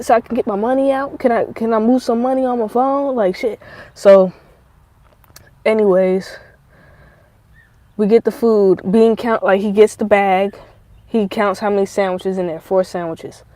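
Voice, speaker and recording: A woman rambles through a profane, animated story in a casual vlog. Her voice is warm and mellow, and the recording is dry and close. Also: medium pitch, no room sound, low-quality recording. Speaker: vlogger.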